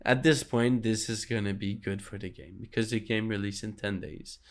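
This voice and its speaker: A man co-hosting a gaming podcast in a relaxed, casual way. His voice sits low and comes through smooth and clean, with plenty of loose fillers as he talks. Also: normal speed. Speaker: podcast co-host. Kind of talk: casual gaming news chat.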